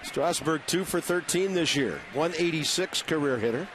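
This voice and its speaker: A man calling baseball play-by-play from a ballpark booth, brisk and conversational with wry asides. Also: a little high, lively intonation. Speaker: play-by-play announcer. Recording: noisy broadcast audio.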